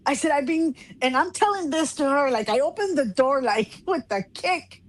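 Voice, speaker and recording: A woman co-hosting a casual chat show, telling a story in an animated way and laughing often. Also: high voice, normal speed, hardly any pauses, no echo. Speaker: co-host.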